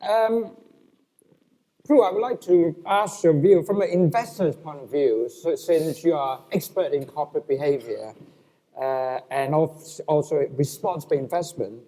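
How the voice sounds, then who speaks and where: A man's voice: a little high, unhurried, dark tone. A man moderating a panel at a conference, speaking hesitantly with many fillers. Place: conference hall. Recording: long hall reverb.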